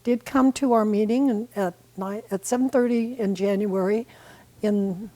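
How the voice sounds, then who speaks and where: Woman in her eighties, dark mellow tone, rambling warm chat, TV interview guest. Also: mid-range voice, moderate pace, poor audio. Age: 80s. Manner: warm, rambling, with restarts and fillers. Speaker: community volunteer guest. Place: local TV studio.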